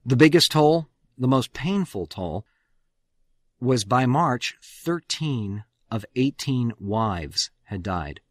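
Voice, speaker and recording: A man's voice: mid-range voice, big pitch swings, takes it slowly, no echo. A man tells a history story on the radio with a mid-range voice recorded dry and close in a studio. He is an emphatic storyteller whose volume swells on important words. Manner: emphatic storyteller, swings loud on key words. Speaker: radio host.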